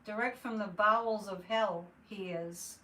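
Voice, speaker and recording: A woman's voice: medium pitch, steady tone, measured pace, pushed and bright. A woman hosting a casual live stream as a psychic, chatting in a loose, exasperated way and answering viewer comments as she goes. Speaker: psychic livestream host. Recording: distant mic with faint room noise.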